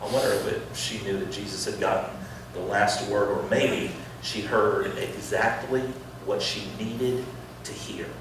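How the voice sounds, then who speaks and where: A middle-aged man preaching in a school chapel, acting out quoted voices and swinging from loud to hushed. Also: fairly low pitch, steady tone, measured pace, noisy background. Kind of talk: sermon. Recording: echoey hall voice from far off.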